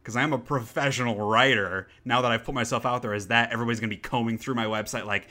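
Bright, sarcastic male podcast host. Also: mid-range voice, steady tone, very fast, hardly any pauses. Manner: sarcastic, opinionated, swears casually. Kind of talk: casual chat.

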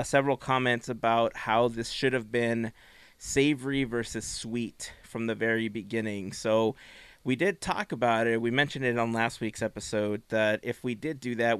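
A man hosting a casual podcast chat, relaxed and chatty, often laughing. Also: medium pitch, clear, resonant tone, no room sound. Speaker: podcast host.

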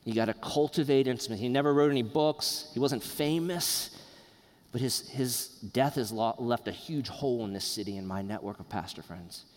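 A man preaching a sermon in a church, earnest and conversational, with pauses. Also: mid-range voice, a little mellow, big-room sound. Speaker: pastor. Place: church sanctuary.

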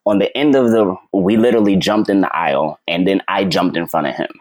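A man telling a story as a podcast guest, animated, rambling and acting out quoted dialogue. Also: deep voice, no room sound. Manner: fast, rambling with many "like"s. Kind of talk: casual storytelling chat.

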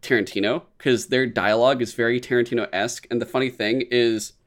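A man chatting casually on a podcast, reviewing a movie with frequent swearing and animated asides. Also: mid-range voice, a little fast. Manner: rambling, swears often, animated impressions.

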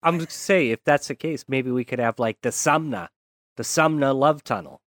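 A man's voice: mid-range voice, normal speed, a bit bright, dry recording, studio quality. A man in a casual podcast chat, dropping wry jokes and asides. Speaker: podcast co-host.

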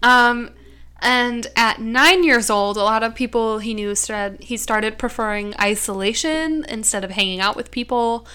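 A young woman talks through a true-crime story in a loose, chatty way, leaning on fillers as she goes. Her voice sits a little high and comes across smooth and clear. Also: unhurried, sharp tone. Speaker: podcast co-host. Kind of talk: casual true-crime chat.

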